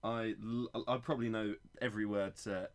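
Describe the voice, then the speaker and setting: A man's voice: fairly low pitch, fairly even intonation, normal speed, crowd noise. A man in a band, chipping in with dry jokes in a casual interview. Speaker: band member, guest.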